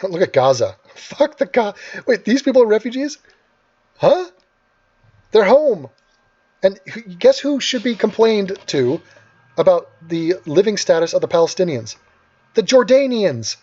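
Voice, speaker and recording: A man's voice: high-pitched, sing-song, normal speed, darkish tone, dull audio. A man hosting an angry, sarcastic and profane rant over video clips. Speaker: host.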